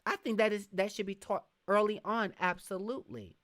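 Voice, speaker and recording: A middle-aged woman hosting a live podcast, talking frankly and reading viewer comments, acting out quick asides as she tells stories. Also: medium pitch. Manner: frank, animated storytelling with voiced asides. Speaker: podcast host.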